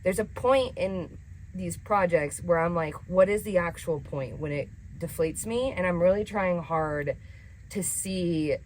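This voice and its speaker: Woman vlogger, low voice, candid and self-mocking, talking to camera inside a camper. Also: a little slow, a little mellow, a little hiss or hum. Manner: emotional, candid, self-deprecating. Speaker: DIY vlogger. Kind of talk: casual vlog talking to camera. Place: inside a small camper under construction.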